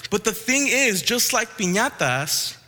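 A young man preaching to a church youth group. He is animated and joking, with restarts. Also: high voice, unhurried, long reverb tail. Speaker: youth pastor. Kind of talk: youth sermon with storytelling. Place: church hall.

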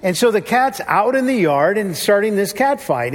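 A male pastor with a fairly high voice delivers a sermon in an easy, conversational manner. He drops into other voices when he quotes people. His words ring out with the long reverb of a church hall. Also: very animated, normal speed. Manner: conversational, shifts pitch when quoting.

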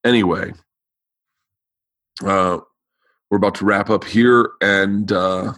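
A man's voice: fairly low pitch, steady tone, slow pace, a bit bright, dry recording. A man hosting his podcast in casual chat, his voice tired and lacking power, rambling with stuttering restarts. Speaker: podcast host.

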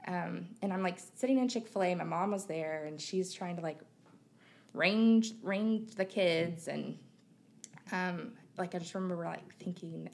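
Creaky-voiced woman from Missouri, candid. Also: lowish voice, unhurried, darkish tone. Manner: open and reflective, with frequent fillers. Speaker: podcast guest. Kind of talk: candid conversational interview.

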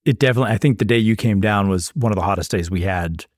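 A man's voice: on the low side, rapid-fire, no room sound. Laid-back guy co-hosting a podcast, stumbles and restarts, dry sound. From California. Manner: relaxed, stumbling restarts, laughs often. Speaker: podcast co-host. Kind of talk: casual podcast chat.

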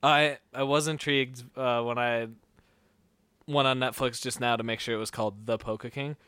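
A man's voice: mid-range voice, fairly even intonation, moderate pace, pushed and bright, clean tone, no room sound. A young adult man co-hosting a podcast, chatting casually about movies, rambling and hedging with fillers. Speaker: podcast co-host. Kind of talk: casual movie review chat.

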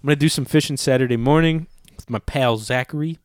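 A man with a drawl co-hosts a casual podcast, telling stories in an easygoing way with plenty of swearing. His voice sits at an ordinary pitch. The sound is dry and close, with no room echo. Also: quick pace, smooth. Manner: laid-back storyteller, swears freely, acts out voices in quotes. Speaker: podcast co-host.

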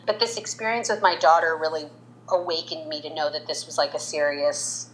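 A woman in her forties with a slightly low voice tells a story in an interview. She is animated, jumping up higher whenever she acts out what someone said. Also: a little fast, a little hiss or hum, low-quality recording. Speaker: makeup artist, guest.

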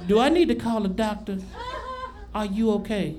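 A man from Memphis doing a crude, animated stand-up routine on a club stage. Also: sits high, moderate pace, crowd noise. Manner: loud, crude, animated storytelling. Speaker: stand-up comedian. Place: comedy club stage before a live audience. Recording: live club recording with noise.

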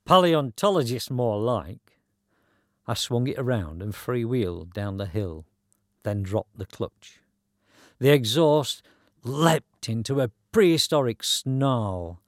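A man's voice: mid-range voice, lively intonation, slow pace, no echo. A man narrating a story in a dry, wry, conversational way.

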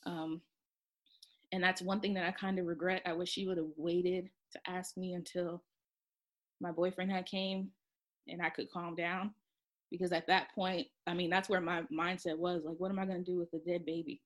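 A soft-spoken woman telling a personal story in a halting way, with many pauses and restarts. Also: lowish voice, flat delivery.

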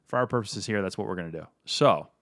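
Casting: male co-host, lowish voice, quick rambling delivery, casual and profane, dry room. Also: a bit bright, dry recording. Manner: rambling, self-correcting, profane. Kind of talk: casual tasting chat.

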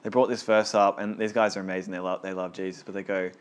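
A man's voice: low voice, little pitch movement, fast talker. A man leading a small Bible study group, teaching casually and earnestly, often repeating words as he gets going.

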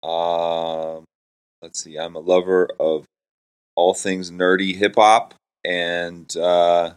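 A man's voice: sits low, flat delivery, slow pace, clear, resonant tone. A man in his forties from Florida, a hip hop artist and pastor, chatting casually and joking at his own expense in a hotel-room interview. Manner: jokey, self-deprecating, rambling.

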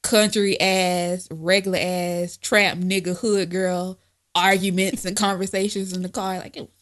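A woman in her twenties co-hosting a podcast, telling loud, profane stories full of mocking impressions. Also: lowish voice, level tone, a little slow. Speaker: podcast co-host. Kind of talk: casual chat.

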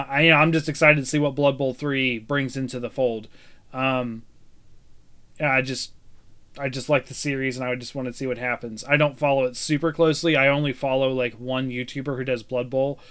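A man with a bright, clean, clear voice co-hosts a relaxed gaming chat. He rambles enthusiastically and leans on fillers like "um" and "like." His pitch sits in an ordinary middle range. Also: normal speed. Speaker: podcast co-host.

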